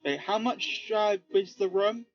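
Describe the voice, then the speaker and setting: A man's voice: high voice, a little slow. A man playing a tabletop game, stating his actions in a terse, matter-of-fact way. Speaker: player. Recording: dull lo-fi call audio with faint music.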